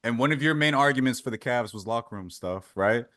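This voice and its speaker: A man's voice: medium pitch, fairly quick, a bit bright, no echo. A man hosts a casual sports talk, questioning his co-hosts and steering the debate. His voice sits in a middle range. The sound is dry and close, with little room in it. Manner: pushes back, steers the talk, asks others in. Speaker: podcast host.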